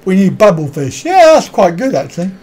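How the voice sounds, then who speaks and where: A man's voice: sits high, very animated, brisk, mellow, slightly rough. A man hosting a casual live stream, rambling, chuckling often and answering viewers' comments one by one.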